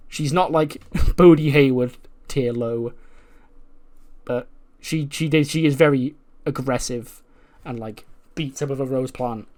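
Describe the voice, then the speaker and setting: A man's voice: mid-range voice, darkish tone. A man narrating a wrestling sim playthrough in a casual, chatty way. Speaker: gaming YouTuber.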